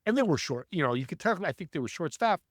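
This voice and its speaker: A man guest telling animated stories in an interview, acting out voices as he speaks. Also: a little high, fast talker, no room sound, studio quality. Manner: animated, acts out voices in anecdotes. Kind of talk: storytelling interview talk.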